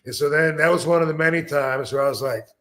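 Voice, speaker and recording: A man's voice: a little high, quick pace, a bit bright. A man hosting a podcast and telling rambling, conversational stories. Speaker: podcast host. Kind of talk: casual podcast chat.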